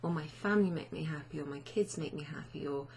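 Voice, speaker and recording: A woman's voice: low-pitched, fast talker, darkish tone, slight background noise. A woman teaching a chatty, self-deprecating online language lesson, often asking learners questions.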